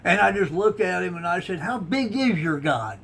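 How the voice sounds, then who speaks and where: A man's voice: high-pitched, expressive, moderate pace, gravelly, fairly bright tone, a little hiss or hum. A middle-aged man giving a folksy, rambling devotional talk, chuckling at himself. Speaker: online devotional host.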